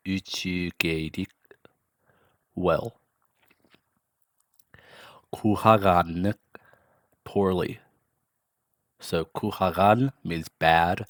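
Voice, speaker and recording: Deep, slow-talking man tutoring. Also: dry recording, studio quality. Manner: chatty, with offhand asides and careful enunciation. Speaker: language tutor. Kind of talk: casual recorded language lesson.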